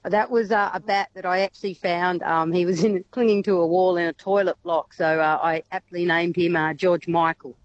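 A woman's voice: on the low side, steady tone, normal speed, few pauses, highs cut off. A woman, a wildlife carer chatting casually as a radio guest, hesitant and full of ums. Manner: chatty, hesitant with many ums, laughs often.

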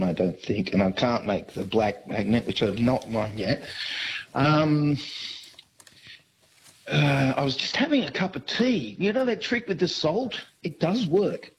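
A man calling in to a radio quiz, rambling and hesitant as he thinks aloud. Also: mid-range voice. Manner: rambling, hesitant, full of ums. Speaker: caller. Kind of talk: casual phone-in chat. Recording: dull phone line with faint noise.

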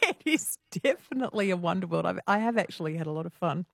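A woman's voice: on the low side, animated, fast, gravelly, dry recording, studio quality. An Australian woman hosting late-night radio, teasing callers and bantering with a guest. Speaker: radio host. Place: radio studio. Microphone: studio microphone.

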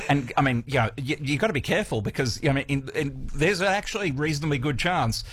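A man's voice: fairly high pitch, lively intonation, a little fast, a bit bright, slightly rough. A man co-hosting a radio show in casual chat, with dry, wry humor and plenty of hesitant fillers. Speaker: radio co-host.

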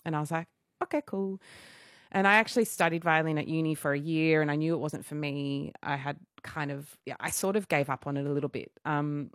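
A young adult woman, a musical theatre performer, telling stories in a chatty, animated way on a radio show, with many fillers. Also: deep voice, fairly quick, dry recording, studio quality. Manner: chatty, animated storytelling with frequent fillers and laughs. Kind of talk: casual radio interview chat.

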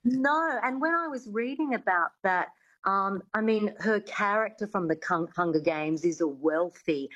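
A woman's voice: medium pitch, expressive, unhurried, a bit bright, highs cut off. A middle-aged woman, an accent coach, explaining as a radio guest with frequent fillers. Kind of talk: radio interview.

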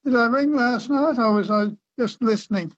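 A man's voice: very high voice, moderate pace, dry recording. A man calling in to a radio quiz, hesitant and unsure, with many ums. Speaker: caller, quiz contestant. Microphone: telephone. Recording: dull phone line.

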